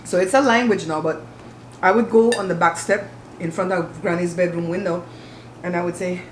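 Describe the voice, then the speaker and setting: A woman's voice: lowish voice, steady tone, moderate pace, slight background noise. A woman from Belize, hosting a casual chat over a home meal and telling stories in an emphatic, outspoken way. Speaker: host. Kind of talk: casual chat while eating. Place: home, at the table. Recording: roomy echo.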